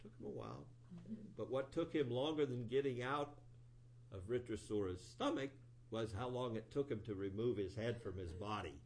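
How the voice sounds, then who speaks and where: A man giving a sermon, retelling an old scripture story in an animated storytelling voice with rising emphasis. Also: medium pitch, moderate pace. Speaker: preacher.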